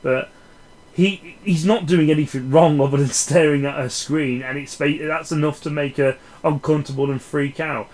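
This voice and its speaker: A man's voice: on the high side, fairly even intonation, moderate pace, a little mellow, rough recording. A man giving a casual, rambling film review, sweary and sardonic.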